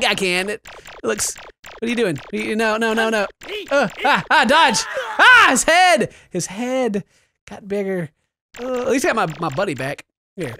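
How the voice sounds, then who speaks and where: Jokey gamer guy, high and bouncy voice, excitable let's-play commentary, noisy recording. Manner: jokey, yelps and laughs at the screen. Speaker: video game let's-player.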